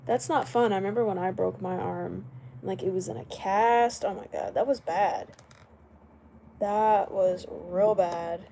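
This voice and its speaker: A woman's voice: medium pitch, a little slow, creaky, mellow, slight background noise. A young woman hosting a casual late-night livestream, chatting loosely, greeting viewers by name and laughing often. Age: young adult. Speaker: livestream host. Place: indoors at home, late at night.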